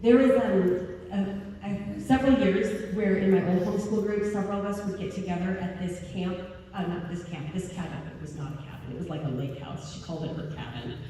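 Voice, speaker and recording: A woman with a fairly low, mellow voice speaks a little fast, giving a humorous, self-deprecating talk to homeschool parents and often laughing as she goes. She is a convention speaker in a large convention hall, recorded from far off with echo and a little hiss or hum.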